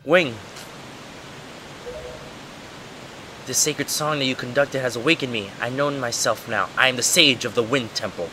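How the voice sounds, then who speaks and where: A man's voice: medium pitch, noisy background, natural voice. A man voicing a polite little male plant-creature musician with a put-on British accent, over game music. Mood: solemn. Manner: gentle, polite and earnest.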